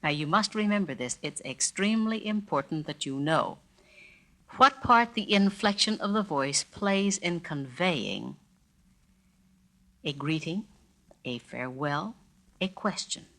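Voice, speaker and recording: A woman narrating a spoken language lesson, demonstrating greetings with deliberately exaggerated inflection. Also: low-pitched, expressive, sharp tone. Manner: slow, carefully inflected, demonstrates phrases with exaggerated intonation. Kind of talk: scripted spoken-word lesson.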